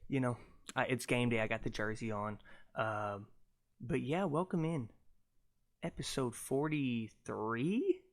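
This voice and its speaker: A young man hosting his own podcast on a cheap mic, ranting loudly and mockingly with lots of swearing. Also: mid-range voice, unhurried. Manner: loud, mocking, profane ranting. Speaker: podcast host. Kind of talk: casual ranting monologue. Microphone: cheap USB podcast mic.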